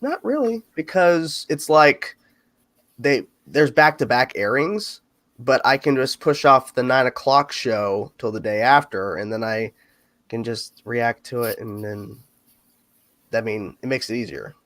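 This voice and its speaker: A man hosting a casual livestream chat, talking in quick asides. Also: medium pitch, a bit bright, dry recording. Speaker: host.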